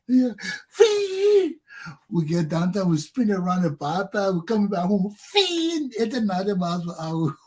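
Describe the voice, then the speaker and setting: A man with a Liberian English accent hosting a talk show, telling profane personal stories with animated, laughing delivery. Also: fairly high pitch, husky. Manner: animated, profane, laughs often, acts out quotes loudly. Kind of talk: casual storytelling monologue.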